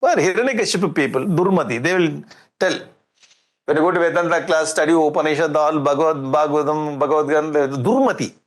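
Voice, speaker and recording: A man with an Indian English accent giving a lively spiritual discourse, jovial and often chuckling as he acts out scenes. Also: on the high side, fast. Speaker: swami giving a scripture discourse.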